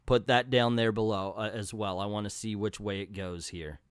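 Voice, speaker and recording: A man's voice: lowish voice, steady tone, normal speed, clear, resonant tone, no room sound, clean studio sound. A man hosting a comic book video, recapping a story in a chatty, jokey way. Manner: chatty, jokey, owns up to slips. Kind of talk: casual commentary and recap.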